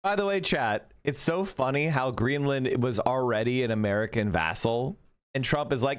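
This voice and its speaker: A man's voice: fairly high pitch, animated, moderate pace, fairly bright tone, clear, resonant tone. A man hosting a stream, reading news aloud and ranting sarcastically in casual political commentary, with some swearing. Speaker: streamer host.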